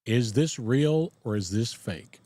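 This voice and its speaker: A studio-quality, echo-free recording captures a slow, animated, dark-toned man's voice in the mid range. With his Southern US accent, this podcast host rambles in a folksy manner on a casual live stream, often chuckling as he reads viewers' comments.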